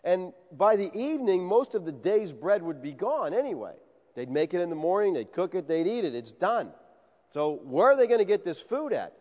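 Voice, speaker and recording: A man preaching an expository sermon in a conversational, animated way, acting out the voices of the people he quotes. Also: sits high, moderate pace. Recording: dull sound with long hall reverb.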